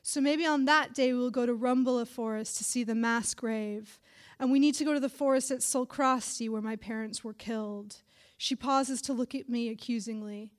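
A young woman reads her own literary fiction aloud, in a fairly high voice. Her narration is dry and wry, with an even, measured delivery. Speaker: writer reading her story. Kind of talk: literary reading.

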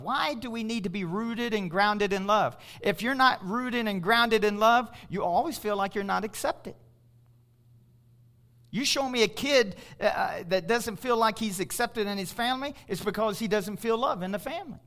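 A man's voice: sits high, lively intonation, normal speed, a bit bright. A middle-aged male pastor preaching a sermon, emphatic and calling out to his congregation.

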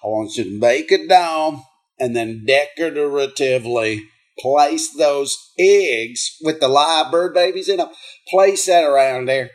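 A man's voice: fairly high pitch, measured pace. Sarcastic man hosting a comedy countdown. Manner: sarcastic, mocking, profane asides. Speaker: host of a comedy countdown show. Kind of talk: comedic news commentary.

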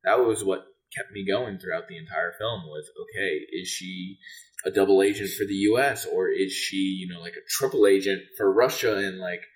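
Very low-voiced co-host with dry remarks. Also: moderate pace, poor audio. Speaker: podcast co-host. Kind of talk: casual film review chat.

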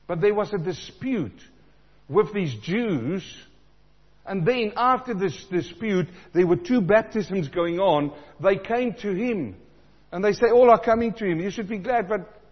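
Man, from South Africa, sermon, animated preacher, acts out quoted voices, long reverb, dull recording. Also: sits high, husky. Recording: dull sound in a large reverberant hall.

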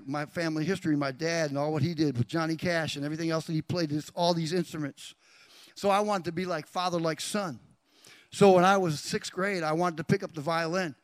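A male pastor preaching a sermon, speaking directly to the congregation and calling out names, swinging from hushed whispers to loud climaxes. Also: a little high, fairly even intonation, a little fast, dry recording.

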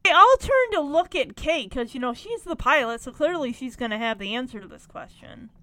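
A woman's voice: high-pitched, lively intonation, a little fast, bright, forceful tone. A woman casually recapping a TV episode, chatty and rambling with lots of fillers.

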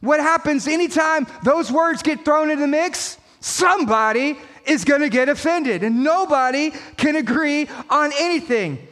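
A man preaching a sermon as pastor, emphatic and rising to shouts at key points, with quick mimicking asides. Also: extremely high pitch, in a large hall.

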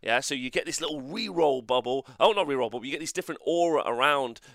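A man's voice: medium pitch, quick pace, fairly bright tone, dry recording, clean studio sound. A man hosting a casual livestream review, rambling and joking and swearing as he goes. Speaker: host.

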